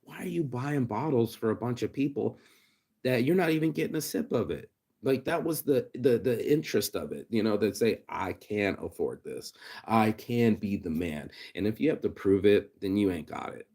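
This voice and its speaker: A man's voice: medium pitch, expressive, a little fast, warm tone. A man delivering an unscripted, profane, ranting vlog monologue, restarting sentences and acting out quotes. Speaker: vlogger.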